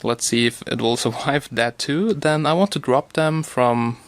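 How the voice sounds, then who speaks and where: رجل يتحدث بعفوية في فيديو فتح صندوق. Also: male voice, medium pitch, unhurried. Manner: chatty, loose, thinks aloud with fillers. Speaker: tech video host. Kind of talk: casual unboxing talk.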